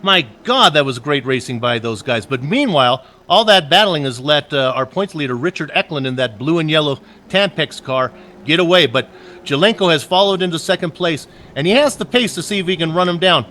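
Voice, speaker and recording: Joking, bright-voiced race color commentator. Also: male voice, on the high side, fairly quick, a little hiss or hum. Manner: joking, chatty, with fillers and asides. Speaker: sim racing color commentator.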